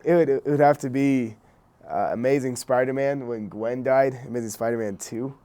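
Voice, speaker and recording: A man's voice: medium pitch, steady tone, normal speed, dark tone. A young man and actor chatting casually, easygoing, often saying "so, yeah". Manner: easygoing, says "so, yeah" a lot. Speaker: actor and co-host asking questions. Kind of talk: casual chat.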